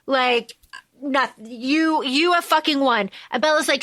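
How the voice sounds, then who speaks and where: Podcast co-host, woman; casual, animated recap, dry close mic. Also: sits high, a little slow, no echo. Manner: animated, swearing, acts out lines in quotes. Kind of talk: casual movie recap chat.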